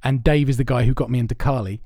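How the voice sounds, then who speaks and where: A man's voice: medium pitch, steady tone, fast talker, warm tone, no room sound, studio quality. A man hosting a podcast, rambling through his stories with plenty of swearing, amused at himself. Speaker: podcast host. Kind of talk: casual chat.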